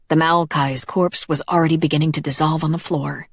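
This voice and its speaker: A woman narrating a dark fantasy audiobook in a measured, even storytelling manner. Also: low-pitched, husky, dry recording, clean studio sound. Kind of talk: scripted narration.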